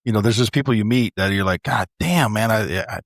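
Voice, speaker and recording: A man's voice: fairly low pitch, no echo, studio quality. Profane, laughing male podcast co-host. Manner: loose and profane, quick to laugh. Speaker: law enforcement officer. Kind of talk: casual barbershop chat.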